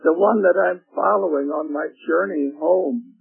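An older man preaching a gentle, emphatic sermon on the radio and asking his listeners questions. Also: high-pitched, normal speed, creaky, husky. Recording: tinny phone-like radio broadcast with faint music.

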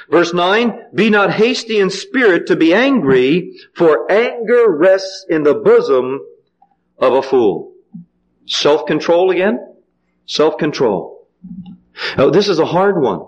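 A man preaching a sermon, asking the congregation questions and letting them call back the answers, with sudden swings in pitch and pace. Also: big pitch swings, unhurried, muffled recording. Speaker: pastor.

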